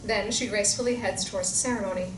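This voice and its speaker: A woman's voice: mid-range voice, steady tone, fast. Woman narrating, far off in a roomy hall. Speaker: narrator reading stage directions. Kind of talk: screenplay reading. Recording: roomy distant sound with background noise.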